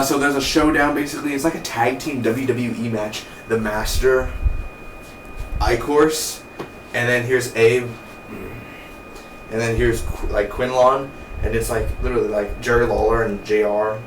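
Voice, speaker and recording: A man casually recapping a TV episode, rambling and acting out the characters' lines in quick offhand impressions. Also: medium pitch. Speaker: TV review vlogger. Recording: roomy, distant from the mic, faint noise.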